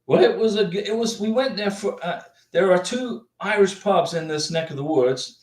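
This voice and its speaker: Male livestream host, slightly high voice, loose rambling delivery, sits off-mic in an echoey home office. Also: moderate pace, distant mic. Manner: chatty, rambling, repeats himself often. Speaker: livestream host answering visa questions. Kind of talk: casual livestream chat reading viewer comments. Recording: roomy echo, off-mic.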